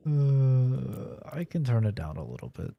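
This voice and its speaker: A man's voice: medium pitch, sing-song, unhurried, gravelly, muffled recording, slight background noise. A young man streaming a horror game, chatting casually with a sarcastic, profane manner. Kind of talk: casual gaming commentary.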